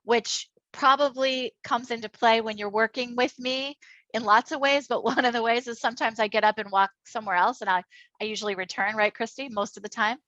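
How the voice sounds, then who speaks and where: A middle-aged woman from Minnesota leading an online workshop on inclusive education, enthusiastic and chatty with quick asides. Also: on the high side, fairly even intonation, a bit bright, dry recording, highs cut off. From Minnesota, United States. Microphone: computer mic on a video call.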